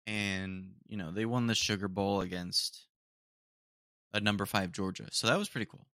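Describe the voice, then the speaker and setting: A young man hosts a solo podcast from a home room, rambling casually and saying "dude" a lot. His lowish voice has a sharp tone at normal speed, and the recording is dry and clean, studio-quality.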